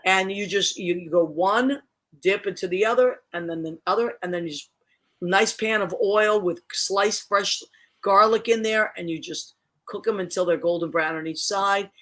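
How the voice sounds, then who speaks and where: A chatty middle-aged woman hosts a relaxed online show and walks her guests through her cooking. Her voice sits in an ordinary middle register for a woman. She restarts her sentences often and laughs easily. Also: medium pitch, moderate pace. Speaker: show host. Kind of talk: casual online chat show.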